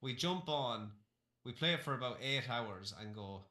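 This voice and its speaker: A man co-hosting a gaming podcast, chatting in a relaxed, joking way. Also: medium pitch, moderate pace, roomy sound. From Ireland. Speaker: podcast co-host. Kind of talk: casual chat.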